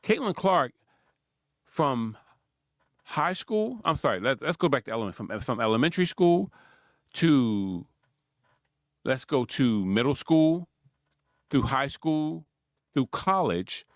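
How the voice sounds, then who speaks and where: Animated Philly man talking sports. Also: medium pitch, slow, long pauses, no echo, studio quality. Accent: Philadelphia. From Philadelphia. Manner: animated, rambling, laughs often, acts out quotes. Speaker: sports commentator host. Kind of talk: casual monologue.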